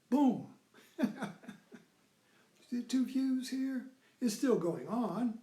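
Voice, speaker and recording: A man's voice: sits high, expressive, measured pace, pauses often, mellow, reverberant. A man giving a rambling, informal lecture who keeps repeating "you see.".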